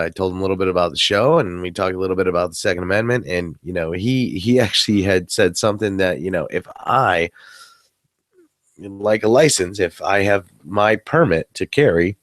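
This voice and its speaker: A man's voice: low-pitched, brisk, dry recording. A tired man co-hosting a casual late-night podcast chat, rambling and joking, swearing now and then. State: tired, yawning. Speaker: podcast co-host. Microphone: webcam setup.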